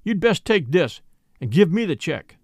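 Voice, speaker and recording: A quiet, steely man who never raises his voice, as a male reader plays him. Measured and firm, with a dry, close sound. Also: a little high, very animated, no room sound. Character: calm, steely man, quiet but hard.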